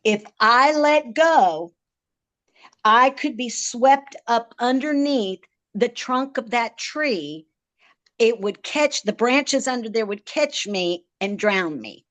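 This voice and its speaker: Woman guest on a talk podcast, fairly high voice, tells her story with emotion and stumbling repeats. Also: animated, slow, a bit bright. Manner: vivid, emotional storytelling with frequent stammered repeats. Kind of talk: recounting a personal story.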